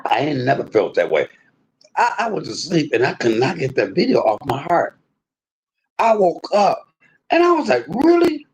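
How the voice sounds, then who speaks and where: A man hosting a livestream, venting in an aggrieved rant that swings between loud outbursts and low muttering. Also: sing-song, normal speed, breathy edge. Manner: swears freely, talks straight to viewers. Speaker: livestream host.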